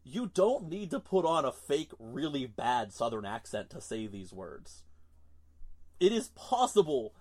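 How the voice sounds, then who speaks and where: A man's voice: mid-range voice, lively intonation, a little slow, few pauses, husky. A man co-hosting a casual podcast, ranting in an exasperated, emphatic way. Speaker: podcast co-host.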